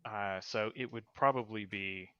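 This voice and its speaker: A lowish-voiced man runs a tabletop game, stumbling and repeating words as he explains how the world works. The sound is dull and lo-fi. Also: unhurried, noisy background. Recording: muffled lo-fi audio.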